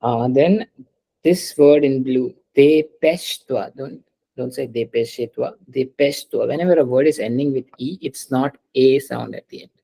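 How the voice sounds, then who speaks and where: A man's voice: medium pitch, normal speed, creaky, warm tone, low-quality recording. A man teaching a French class, patiently drilling pronunciation and slipping into Hindi.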